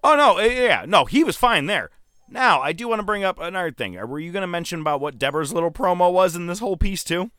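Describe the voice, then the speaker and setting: A man talks in a casual back-and-forth, his voice bright and resonant, the recording close and dry. He gets excited fast, swears freely and laughs often. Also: sits high, smooth, dry recording. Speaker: podcast co-host. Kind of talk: casual chat.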